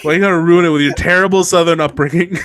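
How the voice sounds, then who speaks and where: A man hosting a casual book podcast, animated and laughing often as he acts out characters. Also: fairly high pitch, noisy background. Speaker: podcast host. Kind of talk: casual book discussion chat.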